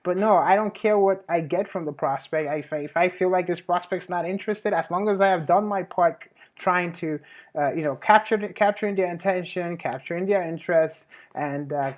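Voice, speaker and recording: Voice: medium pitch, muffled recording. A host giving a casual marketing tutorial, chatty and self-correcting, with frequent restarts. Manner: plugs own services with a laugh. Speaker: host, web marketing advisor.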